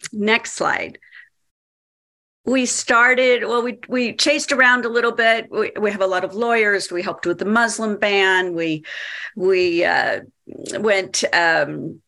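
Chatty, bright-voiced woman presenting. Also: medium pitch, slow pace, gravelly. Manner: chatty, hesitant, many fillers. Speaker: activist and organization founder presenting. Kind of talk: workshop presentation.

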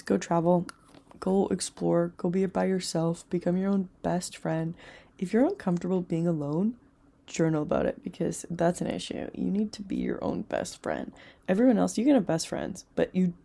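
Husky, gravelly young woman giving pep talk. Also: fairly low pitch. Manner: earnest, rambling, drops into soft whispers. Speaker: self-help podcast host. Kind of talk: casual motivational talk.

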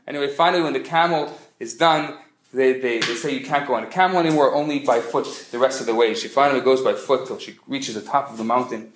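A man who is a rabbi, giving a humorous lecture as an animated storyteller with quick joke delivery. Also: medium pitch, a little hiss or hum. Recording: echoey room.

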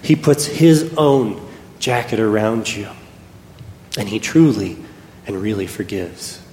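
A man preaching a sermon, telling a personal story and swinging between loud and hushed delivery. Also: on the low side, lively intonation, takes it slowly, slight background noise. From Texas. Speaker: pastor. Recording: echoey hall with faint ambience.

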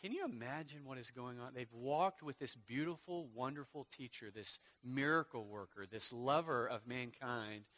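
In this sermon, a pastor's mid-range voice swings back and forth between whispered, slow delivery and loud emphasis.

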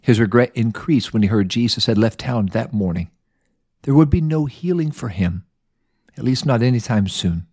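A man's voice: medium pitch, lively intonation, normal speed, darkish tone, slightly rough, no room sound, clean studio sound. A man telling a Bible story as a lesson podcast host, with folksy, playful asides.

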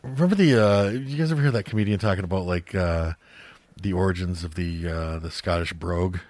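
A man talks in a relaxed, meandering way, stacking fillers and false starts and swearing casually. His voice sits a bit low. The sound is dry, with no room echo. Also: fairly quick. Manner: rambling, full of fillers and restarts, swears casually. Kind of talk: casual chat.

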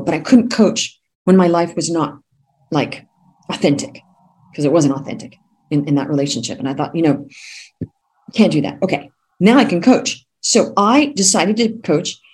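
A woman business coach, a podcast guest, telling her story in an emphatic, animated way. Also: low-pitched, slightly rough. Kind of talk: podcast interview.

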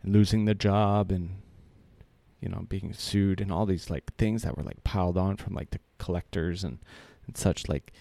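A man's voice: low-pitched, fairly even intonation, normal speed, creaky, mellow, no room sound. A man in his thirties telling a personal story in a casual, earnest way, rambling with many fillers and restarts.

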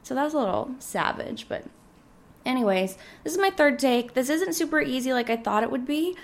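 A young woman in her twenties hosts a casual solo podcast, rambling cheerfully with plenty of filler words. Her voice sits a little high and sounds slightly hoarse, as if she is losing it. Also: expressive, fairly quick. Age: 20s. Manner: rambling, chatty, full of "like" fillers. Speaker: podcast host.

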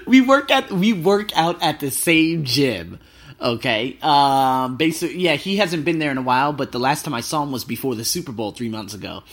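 A man of thirty recounting his travel day in an animated, excitable way, swearing freely. His voice is a bit husky and sits on the higher side. His pitch swings widely as he tells the stories. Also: moderate pace. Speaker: travel vlogger. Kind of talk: casual storytelling.

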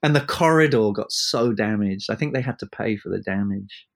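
A record producer, a man, telling animated anecdotes in an interview and acting out the voices of the people in them. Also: fairly low pitch, normal speed, gravelly. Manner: animated anecdotes, acts out quoted voices, laughs. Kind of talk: storytelling interview chat. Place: abroad from the host, evening.

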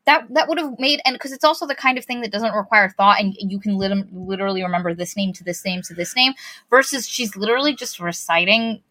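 A woman's voice: mid-range voice, fairly quick, bright, forceful tone. A woman hosting a casual book review chat, sarcastically rambling through a plot recap. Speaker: podcast host.

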